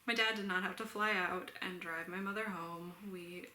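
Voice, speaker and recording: Young woman, bright tone, casual chatty storyteller who laughs easily; roomy echo, faint background hiss. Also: on the low side, steady tone, normal speed. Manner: chatty, laughs often, many "like" fillers. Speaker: knitting vlogger.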